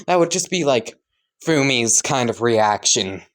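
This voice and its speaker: A man's voice: medium pitch, big pitch swings, a little slow, a bit bright. A man casually improvising and rambling through a fan story, full of fillers and side comments. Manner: rambling, giggly, lots of "like".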